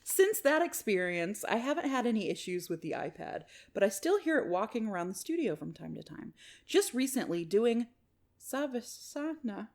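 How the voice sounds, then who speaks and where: A woman's voice: on the high side, very animated, normal speed. A woman co-hosting a podcast, reading a listener's story aloud and chatting casually, swearing and laughing often. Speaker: podcast co-host.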